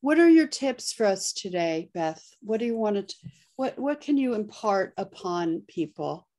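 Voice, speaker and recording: A woman hosts a relaxed interview with a middle-range voice. She talks in a chatty way and asks her guest questions eagerly. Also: medium pitch, unhurried. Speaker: host. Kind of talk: casual conversational interview.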